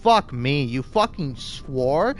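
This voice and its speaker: A man hosting a gaming video, ranting casually with constant swearing and lots of filler words, building into loud outbursts. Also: medium pitch, big pitch swings, takes it slowly. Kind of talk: casual profane rant.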